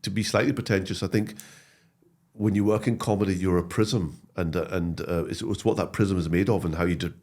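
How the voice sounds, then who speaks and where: Interview guest: man, low voice with lively swings, animated storyteller, frequent restarts. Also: brisk. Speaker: guest, comedy actor and writer. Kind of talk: casual interview chat.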